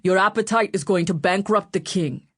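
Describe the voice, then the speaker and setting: A woman voicing a grumpy male butler with a northern accent, complaining darkly and gruffly in an audiobook. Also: medium pitch, moderate pace, fairly bright tone, close to an everyday voice. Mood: grumbling. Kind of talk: audiobook character voice.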